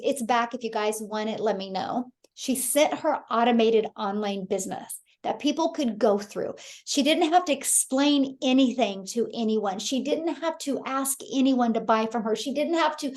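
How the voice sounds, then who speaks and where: A woman's voice: on the high side, a little mellow. A woman in her thirties from Kansas hosting a live webinar, telling a story with enthusiasm and often addressing her audience as "you guys". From Kansas, USA. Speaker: host. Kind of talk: live webinar sales talk.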